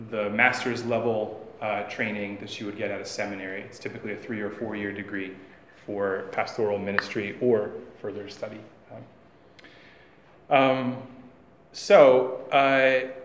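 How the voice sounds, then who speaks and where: A man giving a classroom lecture, halting, with many fillers and restarts. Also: lowish voice, echoey room.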